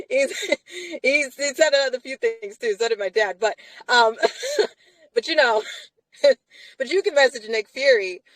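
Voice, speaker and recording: A woman's voice: on the high side, takes it slowly, long pauses, fairly bright tone, no room sound, poor audio. A woman hosting a casual live chat from inside a car, talking emphatically and laughing often between phrases.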